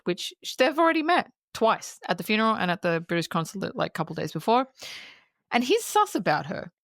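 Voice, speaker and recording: A woman's voice: medium pitch, a bit bright, no room sound, clean studio sound. A woman on a podcast, retelling a film plot in casual chat, swearing freely and acting out the characters' lines. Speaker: podcast co-host.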